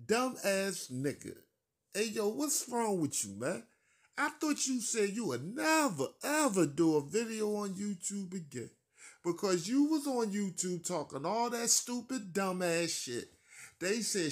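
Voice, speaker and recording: A man's voice: high-pitched, big pitch swings, a little slow. A man ranting to the camera in a taunting, profane, mocking way. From Philadelphia. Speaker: YouTuber. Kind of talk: comedic rant to camera.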